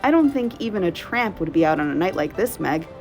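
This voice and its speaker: Woman reading as a calm practical mother, brisk, light, reassuring, storybook read-aloud. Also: lowish voice, soft background music.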